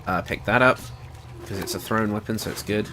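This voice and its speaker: A man's voice: on the low side, fairly quick, pushed and bright, a little hiss or hum. A man with a British accent chatting casually while streaming a game, thinking aloud and laughing often. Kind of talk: casual gameplay livestream commentary.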